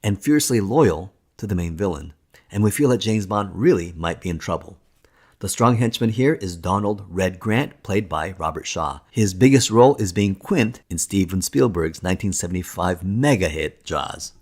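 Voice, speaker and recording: Guy with a lowish voice doing scripted narration for a movie documentary, keen and steady. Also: normal speed, slightly rough.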